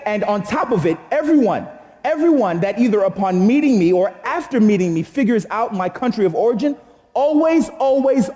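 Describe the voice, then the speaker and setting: A young man from Jamaica hosting a live comedy show, delivering a stand-up monologue with animated, exaggerated storytelling and bursts of mock outrage. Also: high voice, long reverb tail. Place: live studio stage with audience.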